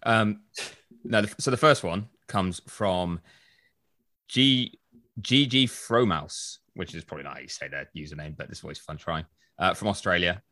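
A man's voice: low-pitched, moderate pace, bright, forceful tone, no echo, studio quality. A man co-hosting a podcast in casual chat, reading out listener reviews with wry asides. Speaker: podcast co-host.

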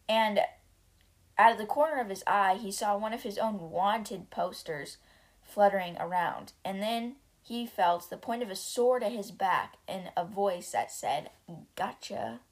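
A woman's voice: mid-range voice, darkish tone. Give me a young woman chattily summarizing chapters of a book. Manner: chatty, many fillers like "like" and "you know". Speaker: podcast host retelling a book.

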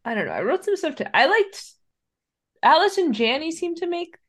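A woman's voice: very high voice, sing-song, moderate pace, a bit bright. A woman co-hosting a casual movie review chat, thinking aloud and hesitant. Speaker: podcast co-host.

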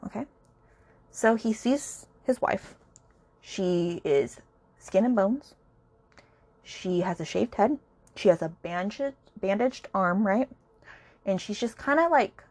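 A woman's voice: mid-range voice, expressive, unhurried, long pauses, darkish tone, breathy edge, dry recording. A woman hosting a podcast, talking through a book in a casual, indignant and sarcastic rant, with many asides to the listener. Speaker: podcast host.

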